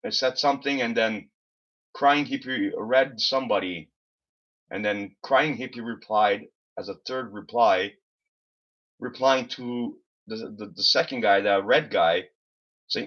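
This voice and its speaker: Man, live-stream host, rambling and fed up, bright voice, muffled lo-fi audio. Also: on the low side, unhurried. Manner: rambling, exasperated storytelling, swears freely. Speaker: livestream host. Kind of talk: casual live-stream chat. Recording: slightly dull lo-fi stream audio.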